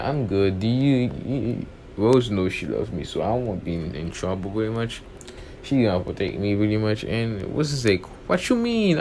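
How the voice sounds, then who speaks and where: With a slightly mellow voice on the low side, a young man spontaneously recounts a fan story. He wanders, keeps restarting, and sprinkles in "pretty much" and "and stuff" throughout. There's faint background noise.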